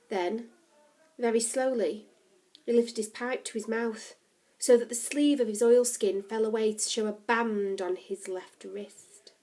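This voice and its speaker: Woman reading a novel aloud, slightly high. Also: fairly even intonation, unhurried, dark tone. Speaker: story reader.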